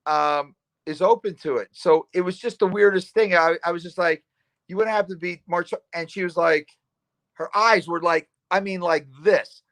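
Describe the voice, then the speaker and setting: Loud middle-aged man telling a story. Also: sits high, normal speed. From New Jersey. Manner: loud, animated storyteller who acts out dialogue. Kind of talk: casual storytelling.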